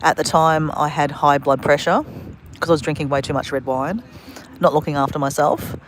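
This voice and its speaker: A woman's voice: low-pitched, fairly even intonation, normal speed, a little hiss or hum. A woman vlogging a story casually on a livestream, rambling and correcting herself as she goes, outdoors on a phone. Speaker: travel vlogger. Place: outdoors at a beach at sunset.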